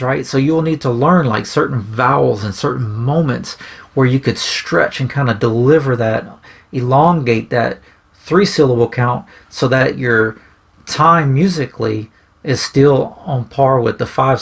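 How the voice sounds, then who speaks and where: Casual songwriter man, gravelly voice, mid pitch, rambling and restarting, keeps asking "right?". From grew up singing bluegrass in churches. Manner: rambling, says "right?" often, restarts phrases. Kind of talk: casual explanatory talk to camera.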